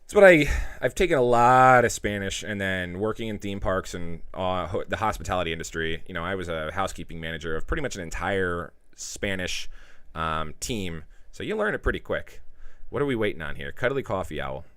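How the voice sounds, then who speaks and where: Man, stream host, low voice, loose chatty delivery, dry close mic. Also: expressive, fairly quick, a bit bright, clean tone, no room sound. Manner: loose and chatty, reads out viewer chat. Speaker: livestream host. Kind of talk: casual livestream chat.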